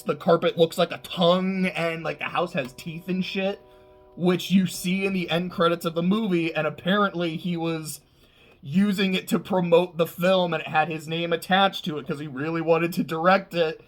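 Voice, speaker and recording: Casual male film reviewer, higher-pitched voice, loose and excitable delivery with frequent laughter. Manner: rambling, excitable, laughs often, swears. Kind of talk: casual unscripted movie talk.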